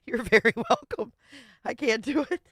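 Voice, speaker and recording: A woman's voice: on the high side, lively intonation, normal speed, slightly rough, no echo, studio quality. A woman hosting a live stream, chatting casually in reaction to a video, laughing constantly and swearing freely. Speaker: livestream host. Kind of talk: casual livestream reaction commentary.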